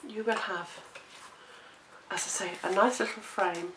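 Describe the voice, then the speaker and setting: Unhurried and steady, a woman's medium-pitched voice guides a card-making craft demo. She's chatty and self-deprecating, talking as she works, breathless, coughing, and laughing at her mistakes. Noise, echo, and a distant mic color the audio.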